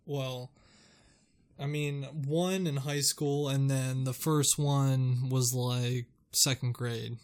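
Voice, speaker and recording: A young man of middle pitch trades stories on a laid-back podcast. He talks playfully and swears freely as he tells his story. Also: fairly even intonation, slow pace. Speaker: podcast co-host. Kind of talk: casual chat.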